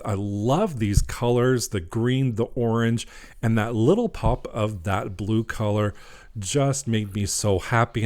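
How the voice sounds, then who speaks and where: A man's voice: mid-range voice, darkish tone. A man narrating his own wreath-making craft video in a casual, chatty way, laughing at his own slip-ups. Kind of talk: casual craft tutorial voice-over.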